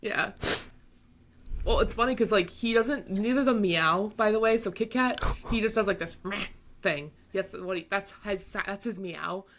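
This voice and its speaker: A woman's voice: mid-range voice, normal speed, fairly bright tone, slight background noise. A young woman co-hosting a podcast, rambling casually with lots of fillers and playful quoting. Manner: rambling, full of fillers and acted-out quotes, laughs often. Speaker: podcast co-host. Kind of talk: casual chat.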